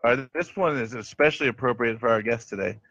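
A man hosts a jokey podcast, reading odd news stories with a deadpan edge. His voice sits in a middle register. The sound is dry and a little dull, like a plain home setup. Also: medium pitch, fast talker, no echo. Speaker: host. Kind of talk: jokey comedy podcast chat.

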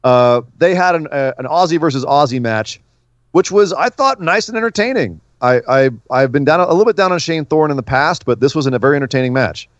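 A man's voice: a little high, lively intonation, brisk, no room sound. Chatty man, dull dry recording. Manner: chatty, repeats words when starting. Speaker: podcast co-host. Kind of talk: casual wrestling talk.

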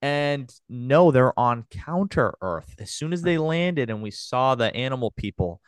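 A man's voice: medium pitch, expressive, measured pace, clean tone, no room sound, studio quality. A man hosting a casual podcast chat, enthusiastic and rambling, full of fillers and restarts. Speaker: podcast host.

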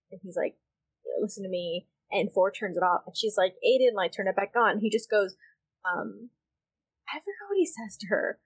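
A woman's voice: medium pitch, breathy edge. A woman co-hosting a podcast in casual chat, heated and emphatic, swearing freely. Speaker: podcast co-host.

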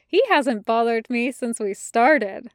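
A woman's voice: fairly high pitch, slow, dry recording, studio quality. A woman voicing a mischievous, gleeful teenage boy in a storybook reading, talking in a cheerful, smug way.

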